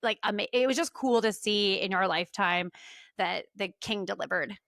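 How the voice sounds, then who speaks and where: A woman's voice: medium pitch, moderate pace, creaky, fairly bright tone, no room sound, studio quality. A woman co-hosting a podcast in casual chat from a hotel room, bubbly and laughing often. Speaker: podcast co-host.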